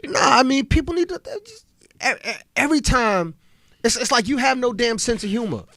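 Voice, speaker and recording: A man's voice: very high-pitched, lively intonation, a little fast, gravelly, pushed and bright, dry recording, studio quality. A man hosting a talk radio show in casual, profane, joking banter with his co-host.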